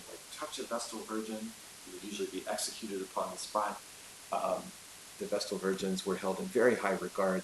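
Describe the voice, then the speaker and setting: A man teaching a class in a chatty storytelling way, with many fillers and asides, recorded in an echoey room with hiss. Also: low voice. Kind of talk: casual classroom lecture.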